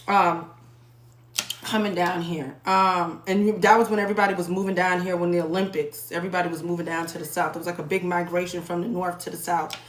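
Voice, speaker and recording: A woman from New York in her thirties or forties gives a loose, conversational tarot reading, circling back and repeating herself. Her voice sits at a middling pitch. The recording is roomy and echoey, with steady background noise. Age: 30s to 40s. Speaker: tarot reader.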